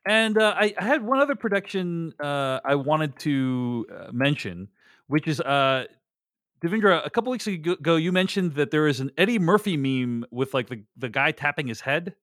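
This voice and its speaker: A man hosting a casual podcast, chatty and animated, leading the talk and reading listener emails aloud. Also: a little high, normal speed, no echo, studio quality. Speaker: podcast host.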